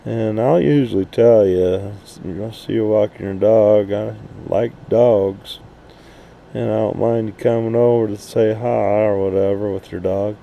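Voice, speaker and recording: A man's voice: on the low side, vocal fry, mellow, slight background noise. A man in a profane, blunt, rambling casual rant, recorded outdoors at night at an RV park. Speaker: RV vlogger.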